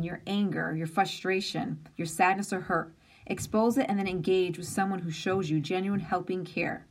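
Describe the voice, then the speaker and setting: Brief: woman in her forties, mid-pitched voice, sincere conversational live-stream host. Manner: earnest, open and conversational, with emphatic lists. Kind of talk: casual heartfelt live-stream talk.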